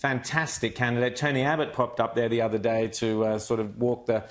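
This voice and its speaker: A man hosting a TV interview, brisk and agreeable, affirming what his guest says. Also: medium pitch, little pitch movement. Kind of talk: casual interview talk.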